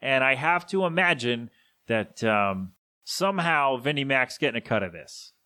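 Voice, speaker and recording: Bright-voiced man rambling solo on a podcast. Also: mid-range voice, expressive. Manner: casual, opinionated, self-correcting; drops into a gruff put-on voice for quick impressions. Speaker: podcast host.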